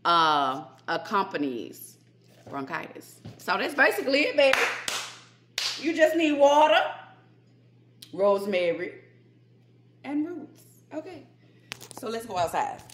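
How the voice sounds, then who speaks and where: A woman in a casual home remedy vlog, chatty and folksy, calling viewers baby and y'all, slowing down whenever she reads from her notes. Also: high-pitched, lively intonation, background noise. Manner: slows down when reading from notes. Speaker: holistic healer vlogger. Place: home kitchen and backyard garden.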